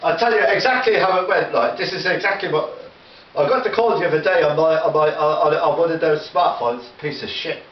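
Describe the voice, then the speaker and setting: A man's voice: on the high side, fairly quick. A man doing a rambling, sweary improvised comic monologue at home, stammering through restarts. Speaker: comedy vlogger in character. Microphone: camera mic. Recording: roomy, distant, dull home recording.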